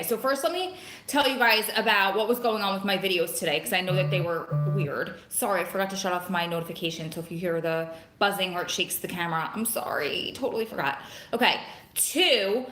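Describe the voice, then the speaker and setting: A chatty woman talks into her phone on a live stream and rambles from one thing to the next. Her voice is bright and forward. The room around her is echoey. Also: medium pitch. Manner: greets viewers by name, chatty and rambling. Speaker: vlogger hosting a live stream. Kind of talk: casual live-stream chat. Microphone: phone camera.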